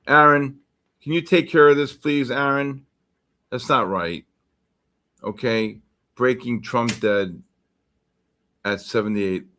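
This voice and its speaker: He's a futures trading streamer whose medium-pitched voice is bright and forceful, delivered slowly with frequent pauses. Reading viewer chat and going over charts live, he rambles and leans on many fillers.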